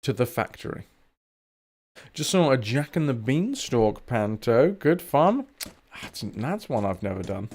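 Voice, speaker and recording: A man's voice: medium pitch, sing-song, a little slow, a little mellow, a little hiss or hum. A man with a southern English accent, chatting casually and joking while he streams a game. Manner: chatty, jokey, swears now and then. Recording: game music behind.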